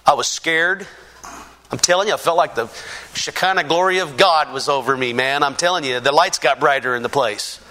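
A man giving a personal testimony in a halting, earnest way, with many restarts and fillers, growing fervent and emphatic. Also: fairly high pitch, bright, forceful tone.

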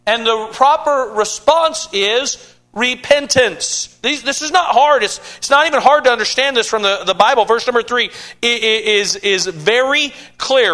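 A man's voice: extremely high pitch, normal speed, sharp tone. A man pastor preaching a sermon, with frequent stammered restarts and an emphatic preaching cadence.

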